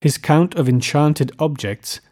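Measured male audiobook narrator. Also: a little high, darkish tone. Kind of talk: scripted literary narration.

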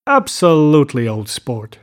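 A man's voice: on the high side, huge pitch swings, unhurried. Eager, boastful rich young man voiced by a male reader, showy and a little anxious, storybook reading. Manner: eager, boastful, keeps saying "old sport".

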